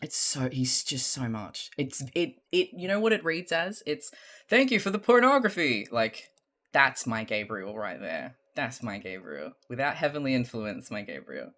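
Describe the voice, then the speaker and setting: A streamer chatting casually and reading fanfiction, gushing and excitable, with frequent swearing. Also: medium pitch, a little slow.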